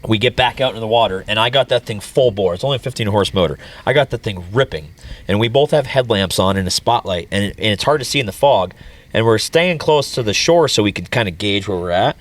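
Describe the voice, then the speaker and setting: A man's voice: fairly low pitch, lively intonation, fast talker. A man, telling a story in a casual talk show and laughing as he goes. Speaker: podcast host.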